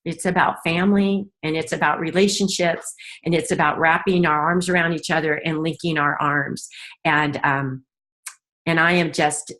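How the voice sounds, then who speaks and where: Earnest middle-aged woman, low voice. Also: fairly bright tone. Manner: earnest, heartfelt, with halting restarts. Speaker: guest, business leader. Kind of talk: personal story told in an interview.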